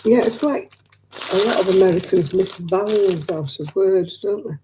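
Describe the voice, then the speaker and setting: Very mellow-voiced woman host. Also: mid-range voice, normal speed, a little hiss or hum. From northwest England. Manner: chatty, rambling, laughs easily. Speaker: craft livestream host. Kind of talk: casual chat with live viewers.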